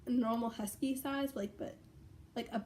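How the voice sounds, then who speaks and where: Chatty young woman rambling excitedly. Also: on the high side, normal speed, a little hiss or hum. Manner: rambling, filler-heavy, excitable. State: out of breath. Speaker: vlogger. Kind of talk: casual rambling vlog. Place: bedroom at home.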